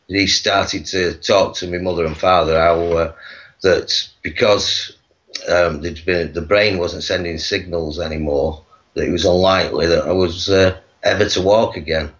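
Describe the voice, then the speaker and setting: Deep-voiced man, halting storyteller. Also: a bit bright, lo-fi sound. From England. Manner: halting, full of ums and pauses. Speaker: guest, activist. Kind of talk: telling his life story. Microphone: video call.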